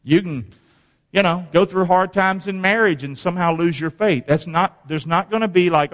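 A man preaching a sermon, quizzing the congregation and rising to shouts at the peaks. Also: sits high, lively intonation, a little slow, pauses often, big-room sound. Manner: preaching with call-and-response questions to the congregation; rises to shouting at climaxes. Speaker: pastor.

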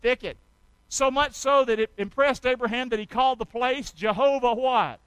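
A man preaching a sermon, drawing call-and-response from the congregation and swinging between loud exhortation and quiet asides. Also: very high-pitched, moderate pace, clear, resonant tone, no echo, low-quality recording. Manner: call-and-response, urging the congregation to repeat after him. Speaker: pastor.

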